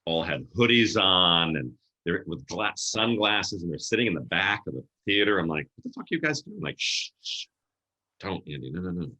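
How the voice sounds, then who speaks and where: Middle-aged male guest, low bright voice, lively storyteller, roomy echo. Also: lo-fi sound. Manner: animated storyteller acting out quoted voices. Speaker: podcast guest, event planner. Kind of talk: casual storytelling interview.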